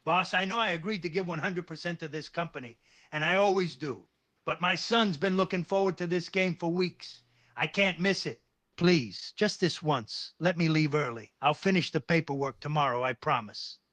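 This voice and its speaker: A man's voice: on the high side, normal speed, a bit bright, natural voice. A man reading a worn-out pleading office dad. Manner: earnest, pleading, holding his temper. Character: weary, pleading male office worker and father.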